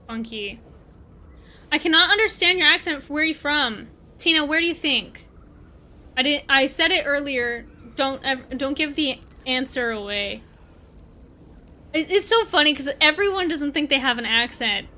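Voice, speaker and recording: A woman's voice: high-pitched, animated, normal speed, pushed and bright. A woman from Canada, streaming a game and chatting casually, rambling and answering her chat aloud. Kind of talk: casual livestream chat while gaming.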